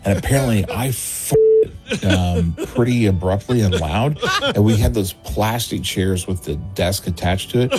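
A man's voice: on the low side, a little slow, over music. A man casually telling a comic personal story, laughing often as he talks. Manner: animated, laughing, acting out friends' voices.

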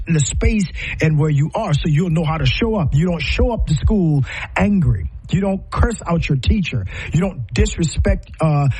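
A man's voice: fairly high pitch, a little mellow, breathy edge, rough recording. A man giving an impassioned, preaching-style talk full of rhetorical questions, his voice rising and falling sharply. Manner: passionate, rhetorical questions, rises and falls sharply. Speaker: speaker on parenting.

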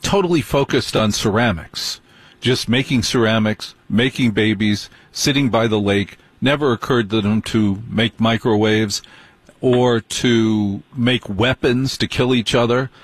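Male radio host, husky and dry-sounding, musing out loud with slow, speculative talk. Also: fairly low pitch, no echo.

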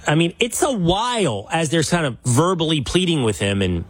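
A male podcast host in a conversational political interview, animated and acting out quoted voices. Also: normal speed, a little hiss or hum. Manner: animated, acts out quotes with big pitch jumps.

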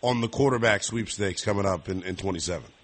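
A young man hosting a sports call-in radio show, chatting casually and teasing callers with quick jokes. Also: sits low. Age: young adult. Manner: joking, teasing, quick asides.

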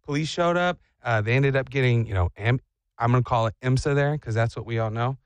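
A man hosting a radio show, chatting and joking with animated energy. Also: mid-range voice, fairly quick, clean tone, no echo. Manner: animated, joking, acts out voices. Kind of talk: morning radio banter.

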